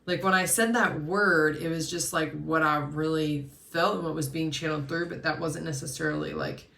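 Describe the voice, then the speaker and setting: A woman hosting a collective card reading, talking in a soft, flowing spiritual way with frequent fillers and restarts. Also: low voice, fairly even intonation, normal speed, vocal fry, echoey room, recorded from a distance. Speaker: host and intuitive card reader.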